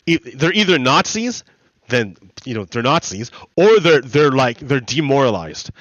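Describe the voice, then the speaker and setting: A man's voice: on the high side, a bit bright, no echo, lo-fi sound. A man streaming a game while talking casually, rambling, repeating himself and laughing as he goes. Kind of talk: casual livestream commentary.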